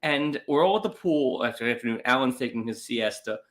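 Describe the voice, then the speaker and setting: A man's voice: medium pitch, lively intonation, a little fast. A man co-hosting a podcast in casual chat, telling rambling, wry stories. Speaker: podcast co-host.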